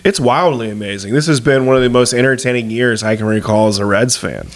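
A man co-hosting a podcast, talking sports in a measured way with frequent fillers. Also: medium pitch. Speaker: podcast co-host. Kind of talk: casual sports chat.

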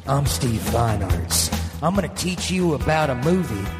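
A man's voice: mid-range voice, animated, unhurried, in a large hall, music in the background, natural voice. A man putting on a drawling cowboy filmmaker. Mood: boastful. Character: swaggering cowboy filmmaker, grown man, boastful.

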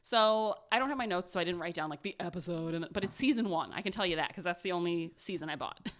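Young woman, podcast co-host, rambling storyteller, lowish voice. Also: quick pace, fairly bright tone. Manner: chatty, rambling with fillers and laughs. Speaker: podcast co-host telling a true crime story. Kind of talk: casual chat.

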